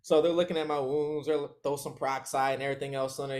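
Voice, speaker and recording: Animated man telling a story, laughing. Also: mid-range voice. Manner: acts out other people's lines in quick voices. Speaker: interview guest. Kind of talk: casual storytelling.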